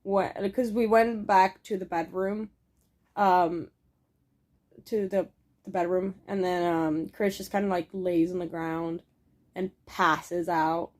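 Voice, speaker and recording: A woman's voice: on the low side, steady tone, takes it slowly, a little mellow. A young adult woman telling a casual story in a vlog, rambling with many fillers and swearing now and then. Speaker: vlogger.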